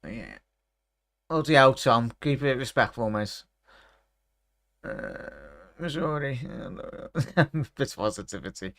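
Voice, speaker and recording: A man's voice: mid-range voice, expressive, takes it slowly, pauses often, fairly bright tone, dry recording, clean studio sound. A young man in his twenties from England, hosting a live football watchalong stream, chatting with viewers, reading out their messages and commenting on the match. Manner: chatty, reads out viewer messages, calls everyone mate.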